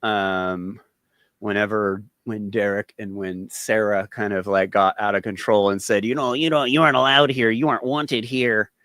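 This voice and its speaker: Brief: male show host, loose casual chat, bright voice. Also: fairly low pitch, fairly even intonation, normal speed, no echo, clean studio sound. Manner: loose, laughing, hesitant with fillers.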